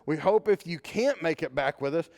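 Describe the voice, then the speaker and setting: A man's voice: a little high, expressive, normal speed, creaky, darkish tone. A man preaching a conversational sermon as a pastor, mixing scripture with a personal story. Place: church sanctuary. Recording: long hall reverb.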